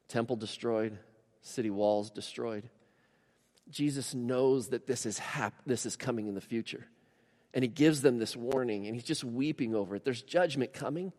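A man's voice: medium pitch, long reverb tail. A man preaching a conversational sermon in a church, with emphatic rises and questions put to the congregation. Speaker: pastor.

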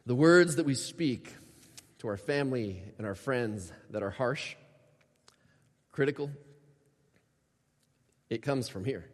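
A man's voice: mid-range voice, slow, pauses often. A man preaching a sermon as a pastor, emphatic and acting out prayers in a lifted voice. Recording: reverberant hall sound.

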